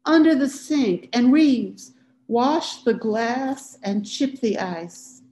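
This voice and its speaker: A woman's voice: medium pitch, slow, warm tone, roomy sound, a little hiss or hum, lightly acted. A woman reading the lines of a drunk, bitter, half-paralyzed woman writer in a slurred, dismissive way. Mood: imperious.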